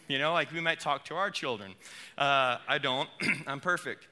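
Bright-voiced casual male preacher. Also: a little high, fairly quick. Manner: casual and animated, with playful asides. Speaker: pastor. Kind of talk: sermon.

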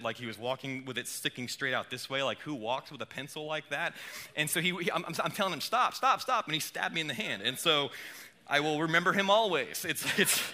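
A man preaching a sermon in a casual, animated way, with playful asides. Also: mid-range voice. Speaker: pastor.

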